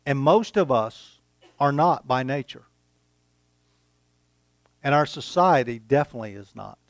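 A man preaching a sermon, reading scripture aloud and pausing for effect between phrases. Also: mid-range voice, expressive, no room sound. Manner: slow, deliberate preaching with dramatic pauses, reading scripture aloud. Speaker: pastor.

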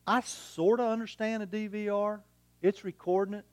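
A man's voice: high-pitched, steady tone, moderate pace, no room sound. A middle-aged man preaching a sermon as a pastor, in a folksy, conversational way with homespun humour and rhetorical questions.

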